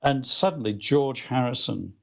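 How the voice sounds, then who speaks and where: A male author as a guest, telling anecdotes in a casual interview, animated, with many restarts and fillers. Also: medium pitch, normal speed, creaky.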